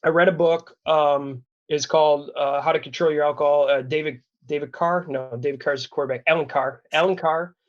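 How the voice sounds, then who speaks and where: A man's voice: a little high, steady tone, fairly quick, few pauses, lo-fi sound. A man in his thirties from Wisconsin, telling a personal story as a podcast guest in a candid, earnest, rambling way with many restarts. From Wisconsin, USA. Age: 30s.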